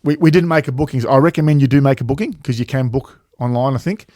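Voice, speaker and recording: A man talks through a travel story in loose casual chat, full of ums, restarts and the odd swear word. His voice sits at an ordinary middle pitch. The sound is dry and close, with no room around it. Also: fast, mellow, no echo. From Australia. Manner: rambling, swears freely, many fillers and restarts. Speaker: travel vlog co-host.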